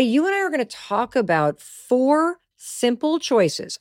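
Podcast host, woman, bright and animated, punchy emphasis, dry close sound. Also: a little high, no room sound. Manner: emphatic, animated storytelling with stressed key words. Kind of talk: motivational podcast monologue.

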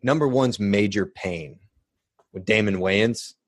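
Low-pitched guy rambling through a casual podcast chat, dry close sound. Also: slow, no room sound. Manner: rambling, restarts, animated storytelling. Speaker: podcast co-host.

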